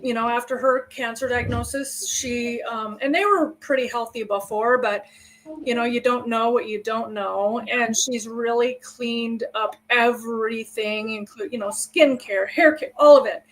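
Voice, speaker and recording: A woman's voice: a little high, fairly even intonation, measured pace, poor audio. A woman co-hosting a livestream, candidly sharing personal stories and getting emotional. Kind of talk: casual personal chat.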